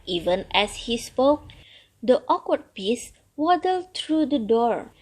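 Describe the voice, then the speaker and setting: A woman reading a storybook aloud as the storyteller, in a slow and measured way. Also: a little high, big pitch swings, darkish tone, slightly rough, poor audio.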